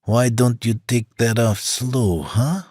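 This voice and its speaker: A man's voice: mid-range voice, slow pace, a little mellow, dry recording, studio quality. A man voicing a cocky, teasing rich guy.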